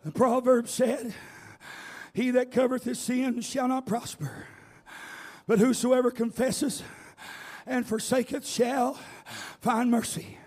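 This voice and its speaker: A man preaching a revival sermon, chanting repeated phrases and shouting to the congregation. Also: very high-pitched, little pitch movement, takes it slowly, long pauses.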